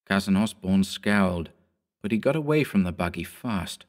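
A man narrating a horror story in a measured storytelling manner. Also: deep voice, animated. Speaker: audiobook narrator.

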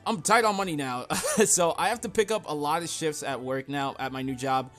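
A young man hosting a game playthrough, rambling through stories and self-deprecating asides, then yelling at the game when battles go badly. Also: on the high side. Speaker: gaming channel host. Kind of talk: casual game commentary.

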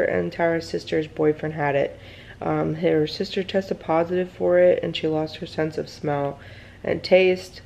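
A young mommy vlogger with a lowish, darkish voice and vocal fry chats casually about her family, sounding groggy as if just woken up. She rambles anxiously, full of filler words, in a dull lo-fi home recording.

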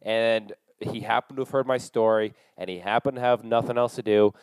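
A young man hosting a podcast, telling a long profane story in a casual, animated way and acting out the dialogue. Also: fairly low pitch, brisk, clean tone, no room sound, poor audio. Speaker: podcast host.

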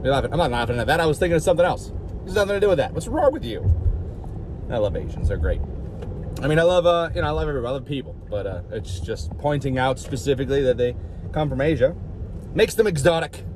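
A man's voice: mid-range voice, lively intonation, rapid-fire, background noise. A man vlogging in a rambling, jokey way, outdoors by a street. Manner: rambling, jokey, puts on silly voices. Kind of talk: rambling casual vlog.

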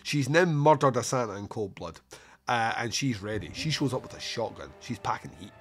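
A man's voice: medium pitch, animated, brisk, a bit bright. A man hosting a podcast, casually recapping a film scene by scene, swearing freely and laughing between lines. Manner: swears casually, laughs often, retells scenes with lots of fillers. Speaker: podcast host. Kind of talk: casual film review chat.

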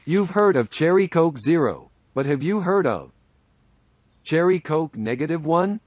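A man voicing a pushy male pitchman who coaxes someone with a strange soda. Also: animated, a little slow, a little mellow, no room sound. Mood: coaxing. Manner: salesman-like, coaxing.

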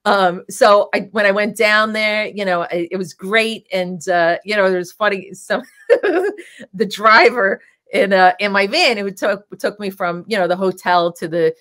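A woman's voice: mid-range voice, unhurried, a bit bright. A woman guest telling rambling, filler-heavy anecdotes with frequent laughter in a casual interview. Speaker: guest, drag king performer.

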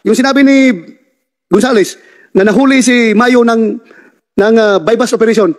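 A man chairs a hearing and grills a witness in a stern, pressing manner. He talks quickly, and his voice runs higher than most men's as he lectures and demands answers. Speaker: committee chair questioning witnesses. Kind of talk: hearing interrogation. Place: hearing room.

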